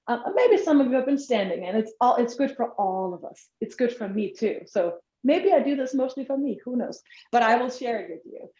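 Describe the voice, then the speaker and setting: A woman leading a live online workshop, guiding a relaxing body exercise in a soft, encouraging way with sighs and ums. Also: a little high, echoey room, lo-fi sound.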